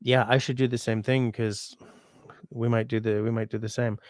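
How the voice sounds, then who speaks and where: A man's voice: medium pitch, level tone, normal speed, a little mellow, dry recording, studio quality. A sick man hosting a livestream from home, chatting casually and reading viewer comments aloud in a rambling, easygoing way. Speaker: livestream host.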